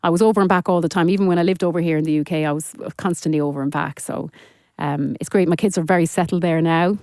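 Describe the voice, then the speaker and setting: A woman's voice: lowish voice, fairly even intonation, fast talker, a little mellow, no room sound. A middle-aged Irish woman chatting casually in a radio studio interview, rambling with lots of fillers and restarts. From Ireland. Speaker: singer guest. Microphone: studio mic.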